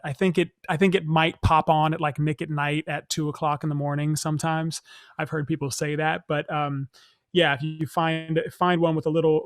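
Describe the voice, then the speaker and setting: Soft-spoken young man with gravelly tone. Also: fairly high pitch, no echo, clean studio sound. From Northern California. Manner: soft-spoken, reflective, frequent fillers and restarts. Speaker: interview guest, stage actor. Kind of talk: casual interview storytelling.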